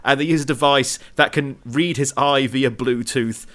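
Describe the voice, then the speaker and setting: A man's voice: medium pitch, fairly even intonation, normal speed, a bit bright. A man co-hosting a casual film podcast, talking with eager enthusiasm and frequent restarts. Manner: enthusiastic, gushing, stumbles and restarts. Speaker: podcast co-host.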